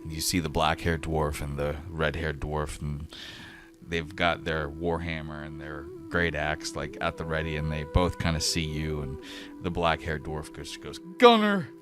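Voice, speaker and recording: Deep-voiced man running a tabletop game. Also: flat delivery, normal speed, music in the background. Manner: loose, filler-heavy narration. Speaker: game master.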